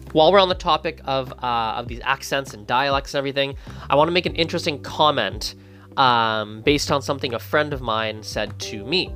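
A man from Canada, chatting casually to camera as a language-learning video creator, animated and often restarting his sentences as he thinks aloud. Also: medium pitch.

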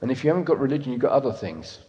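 A man in his fifties preaching a sermon, swinging from loud emphatic lines to soft, intimate ones. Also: medium pitch, big pitch swings, racing, muffled recording. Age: 50s. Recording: echoey hall reverb.

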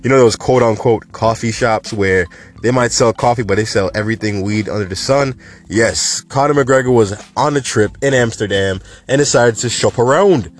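A man hosting a casual cannabis news show, talking in an animated, chatty and emphatic way. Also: medium pitch, moderate pace.

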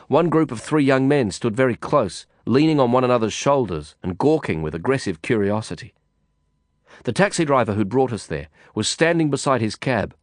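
A man reading a novel aloud in first person, measured and reflective. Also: medium pitch, no echo, studio quality. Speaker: audiobook narrator. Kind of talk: first-person audiobook narration.

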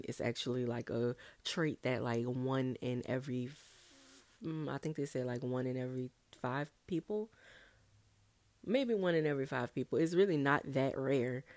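A young woman hosting a casual solo podcast, chatty and animated, talking straight to her listeners. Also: rumbling low, no room sound. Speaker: podcast host.

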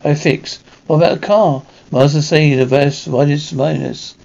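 A man's voice: on the high side, steady tone, a little slow, gravelly, darkish tone. A man voicing an elderly male shopkeeper who speaks in clipped broken phrases and quotes proverbs, on a dull lo-fi recording. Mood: terse.

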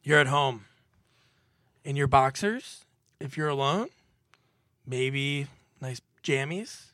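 A man's voice: mid-range voice, animated, takes it slowly, bright, forceful tone, no echo, studio quality. A man arguing his side in a casual podcast debate, joking and building scenarios. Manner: jokey, builds scenarios to argue his case. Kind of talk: casual argumentative banter.

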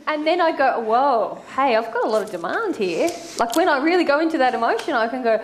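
A woman discussing ideas in conversation, lively and acting out what people say to themselves. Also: high-pitched, fairly quick, few pauses. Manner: animated, acts out inner voices. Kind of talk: conversational teaching.

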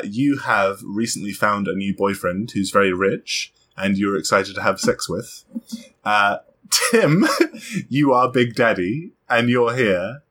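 A man hosting a casual chat, animated and quick to laugh. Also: mid-range voice. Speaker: podcast host.

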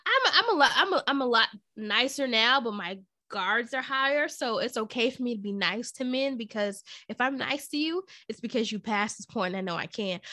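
A young woman co-hosting a podcast, telling a story in casual chat, animated and often laughing. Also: fairly high pitch, no room sound, studio quality. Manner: animated, laughing, quotes people in put-on voices. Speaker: podcast co-host.

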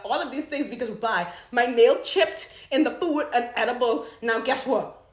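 A young woman telling a story in a casual devotional talk, animated and laughing as she goes. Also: fairly high pitch, moderate pace, roomy sound. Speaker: Christian vlogger.

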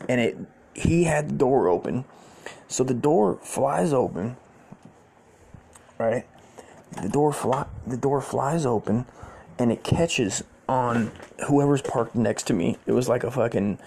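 A man's voice: mid-range voice, creaky, dark tone, slightly rough. A man hosting a podcast and telling a personal story in a casual, profane, rambling way, repeating himself and laughing often. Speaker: podcast host.

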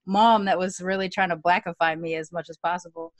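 Casting: lower-pitched woman host, easygoing chat, dry close sound. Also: a little fast, no room sound. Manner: relaxed, laughs easily, thinks aloud. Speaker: interviewer. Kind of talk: casual conversational interview.

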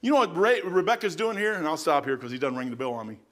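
Brief: male preacher, middle-aged, high-pitched, folksy and emphatic storyteller. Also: fast talker, a bit bright. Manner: folksy, storytelling, emphatic, addresses listeners as "man". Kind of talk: sermon.

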